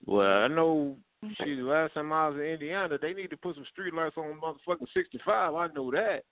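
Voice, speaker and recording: A man's voice: fairly high pitch, animated, brisk, no echo. A man co-hosting a radio chat, joking and teasing with plenty of profanity. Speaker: radio co-host. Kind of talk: casual radio banter. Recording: dry phone-like lo-fi audio.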